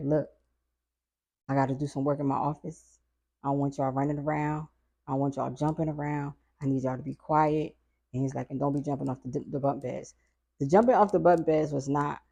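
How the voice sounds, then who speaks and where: A middle-aged woman with a low voice tells a story from her past in a relaxed, chatty way. Her voice has a gravelly fry and a husky edge. She acts out the people she quotes with lively little voices and laughs along the way. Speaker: podcast guest. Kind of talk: casual storytelling.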